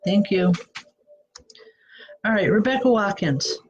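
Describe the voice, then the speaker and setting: A woman hosting a call-in show, giving spiritual readings in a halting way, often restarting her sentences. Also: medium pitch, expressive, a little mellow, highs cut off. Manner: halting, frequent restarts and self-corrections. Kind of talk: live psychic reading.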